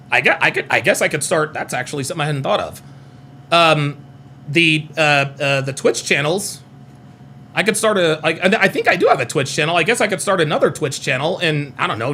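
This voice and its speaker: A man's voice: fairly high pitch, pushed and bright, a little hiss or hum. A man in his forties chatting casually on a live stream, rambling, repeating himself and reading chat comments aloud. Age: 40s. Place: home near Reno.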